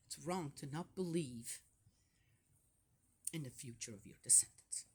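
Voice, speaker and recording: Lively older woman musing on scripture. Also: a bass voice, measured pace, slightly rough. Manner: chatty, with frequent rhetorical "Yes?" and "Right?" asides; laughs often while talking. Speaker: Bible study host. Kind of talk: casual Bible commentary.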